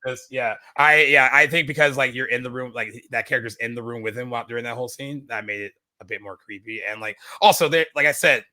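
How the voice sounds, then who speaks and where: Chatty man reviewing a film, quick and bright. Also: mid-range voice, no echo. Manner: rambling, many fillers and restarts. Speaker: podcast co-host. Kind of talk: casual film review chat.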